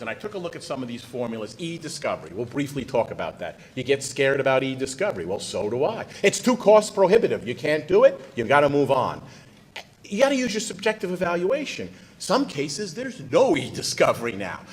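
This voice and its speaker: A man's voice: mid-range voice, rough recording. A middle-aged man, a trial lawyer from the United States, giving a conference presentation in a folksy, punchy manner and talking straight to the audience.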